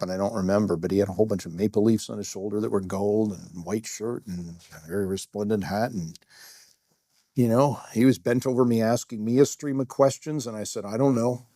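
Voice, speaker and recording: A man's voice: fairly low pitch, dark tone, no room sound, studio quality. A middle-aged man, a security guard, telling a first-person story in a candid, self-deprecating way, rambling with fillers.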